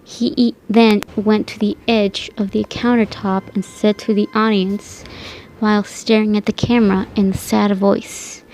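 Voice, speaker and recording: A woman's voice: medium pitch, flat delivery, a little slow, darkish tone, slight background noise. A woman narrating a creepypasta story in a plain reading voice, with occasional slips and restarts.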